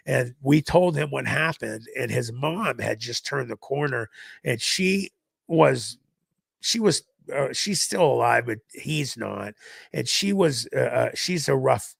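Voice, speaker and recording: Male podcast guest, animated storyteller, heavy vocal fry, dead dry sound. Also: mid-range voice, unhurried, no echo. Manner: animated storytelling, acting out others in raised voices. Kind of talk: recounting a personal story.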